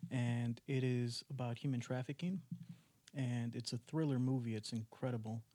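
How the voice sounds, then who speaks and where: A man's voice: medium pitch, normal speed, dry recording. A young man, a podcast guest who acts and makes music, telling a story in casual chat and acting out what he thought back then. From United States. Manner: animated storytelling, acts out his own past thoughts.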